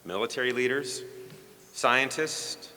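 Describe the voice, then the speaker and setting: A man's voice: medium pitch, slow pace, sharp tone. A man in his forties giving a jokey, self-deprecating ceremony speech. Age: 40s. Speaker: keynote speaker. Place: school hall or stage, filmed. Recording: long hall reverb.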